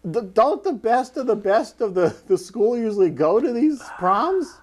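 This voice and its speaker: A man's voice: sits high, big pitch swings, a little slow, a little mellow. Middle-aged man, chuckling teasing co-host. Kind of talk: casual chat.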